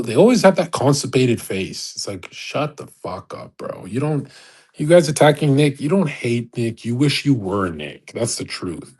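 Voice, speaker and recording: Male streamer, husky voice, mid-pitched, casual profane rant with frequent laughs. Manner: profane, rambling, laughs often. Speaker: livestreamer. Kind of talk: casual ranting monologue.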